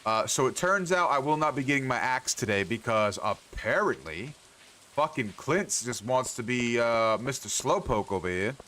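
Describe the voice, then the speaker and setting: A man's voice: medium pitch, lively intonation, moderate pace, bright, forceful tone. A man streaming a farming game, grumbling and swearing at the characters as he plays. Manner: profane, exasperated grumbling to himself. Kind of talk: casual gameplay commentary.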